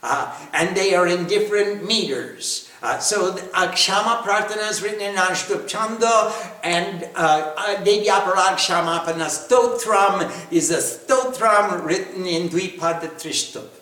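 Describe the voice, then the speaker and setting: A man's voice: sits high, unhurried, pushed and bright. A man giving a spiritual discourse and answering questions, playful and self-mocking, often laughing. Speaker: spiritual teacher. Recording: echoey room, picked up from a distance.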